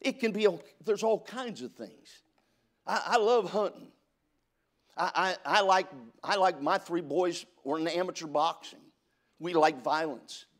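An unhurried, high-voiced man, this California pastor in middle age is preaching. Scripture rises in a preacher's cadence as he reads, and his stories are marked by stammering restarts.

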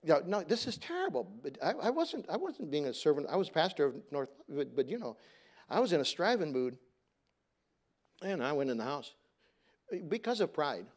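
A middle-aged man preaching a sermon, telling a family story in a conversational way. He climbs loud for emphasis and then drops to a soft, low voice. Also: very animated, normal speed. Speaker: pastor.

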